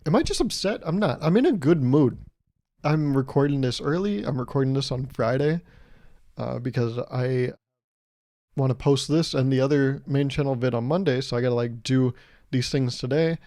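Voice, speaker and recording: A man's voice: mid-range voice, normal speed, mellow, no echo, studio quality. A man hosting his own podcast, delivering a casual, profane comedic rant with exasperated swings. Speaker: podcast host.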